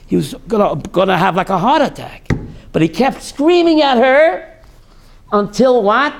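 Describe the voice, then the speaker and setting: Gravelly high-voiced rabbi telling stories. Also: male voice, expressive, moderate pace. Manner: storytelling, asks the audience questions and answers them; dramatic, voices screaming characters in quotes. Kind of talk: lecture to a class.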